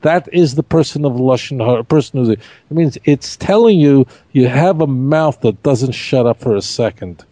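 A man teaching a Torah study class in an animated, emphatic way, repeating key points and asking rhetorical questions. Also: medium pitch, normal speed, no room sound.

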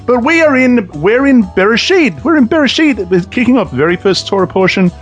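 A man's voice: very high voice, expressive, brisk, soft background music. An enthusiastic man hosting an online talk show, repeating phrases for emphasis. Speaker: podcast host.

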